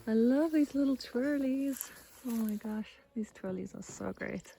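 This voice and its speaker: Woman, casual vlog, outdoors, slow-talking, gravelly fry, faint background noise. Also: a little high, dark tone. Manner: chatty, baby-talks to pets. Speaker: vlogger. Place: outdoors at a rural house and garden.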